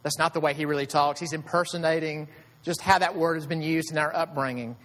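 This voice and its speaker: A man's voice: on the high side, steady tone, fairly quick, a bit bright. Man preaching in an echoing hall. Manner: conversational preaching with rhetorical questions. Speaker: pastor. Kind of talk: sermon. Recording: long hall reverb.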